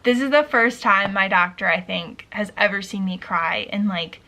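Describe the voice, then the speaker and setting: A woman's voice: medium pitch, moderate pace, sharp tone. A woman in her thirties chatting casually in a vlog, out of breath and rambling with lots of "like" fillers. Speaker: vlogger. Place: at home by a window.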